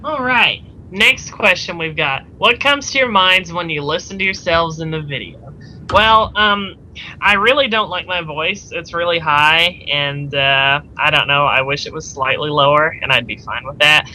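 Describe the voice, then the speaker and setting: A young man with a high, very bright and sharp voice reads listener questions and chats in a self-deprecating way. Faint hiss sits under his mic. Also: moderate pace, rough recording. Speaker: podcast co-host and editor. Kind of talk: casual chat.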